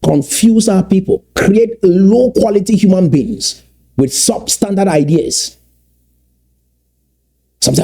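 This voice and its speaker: A man giving impassioned political commentary, emphatic and repeating key points slowly for weight. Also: high voice, vocal fry, dark tone, husky.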